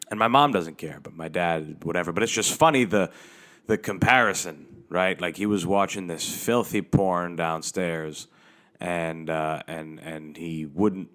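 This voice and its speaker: A man's voice: deep voice, fairly bright tone. A male comedian and podcast host telling a story in a casual, rambling and profane way, speaking into a handheld microphone. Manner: rambling and profane, with frequent restarts.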